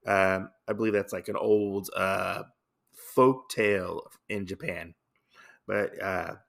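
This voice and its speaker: A man hosting his podcast, recapping a comic in a relaxed, casual way with many filler sounds. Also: on the low side, creaky. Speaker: podcast host.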